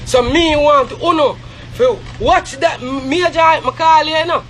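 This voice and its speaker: A Jamaican man on a live stream, ranting angrily with shouting and heavy swearing. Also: very high-pitched, a little slow, a little hiss or hum. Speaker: social media live streamer. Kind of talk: angry live-stream rant.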